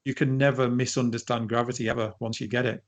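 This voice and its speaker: A middle-aged man, talking as a guest in an interview, telling animated stories with frequent restarts. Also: medium pitch, fast, dull audio. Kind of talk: conversational interview.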